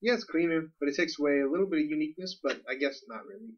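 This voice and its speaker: Easygoing podcast co-host, slightly husky. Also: male voice, on the high side, expressive. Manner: easygoing, laughs along, quick asides. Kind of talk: casual chat. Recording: distant, dull lo-fi mic.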